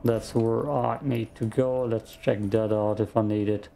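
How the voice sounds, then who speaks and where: A man giving calm, slow gameplay commentary, thinking out loud, with a gravelly morning voice. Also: medium pitch, a little hiss or hum. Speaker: game streamer.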